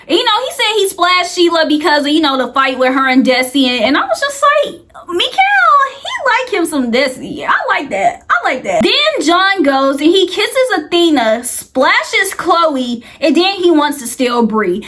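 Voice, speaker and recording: A woman's voice: very high-pitched, fairly bright tone. A woman casually recapping a reality show, rambling and chatty with lots of filler words.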